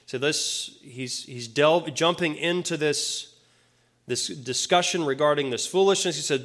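This slightly bright, somewhat high male voice belongs to a pastor delivering a sermon at normal speed. Casual asides pepper his plain, conversational explanation of scripture as he addresses the congregation.

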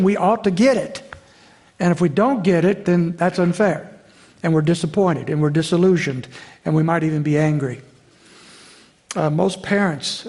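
A man with a high, slightly mellow voice preaches a sermon as pastor. He's earnest and direct, often restarts his phrases, and calls the congregation folks.

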